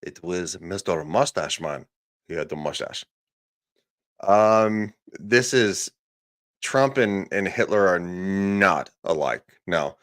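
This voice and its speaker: Speaking slowly in a low, expressive voice with a fairly bright tone, a man streams his reaction to a podcast clip. He keeps it casual, sarcastic, and full of swearing, laughing as he goes.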